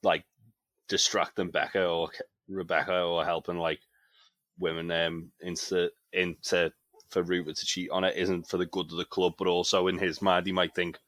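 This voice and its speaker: A man with a very low yet bright, forceful voice, talking through a TV episode in loose, filler-heavy analysis. The recording is dry and close, with no room around him. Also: flat delivery, normal speed, no echo. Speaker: podcast co-host. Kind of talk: casual review chat.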